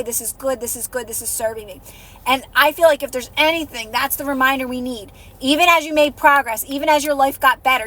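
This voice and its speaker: A woman hosting a live stream, giving soothing, repetitive encouragement in a casual coaching talk. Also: high-pitched. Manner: soothing, repetitive, encouraging, drops softer when guiding calm. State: out of breath. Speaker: livestream host and manifestation coach.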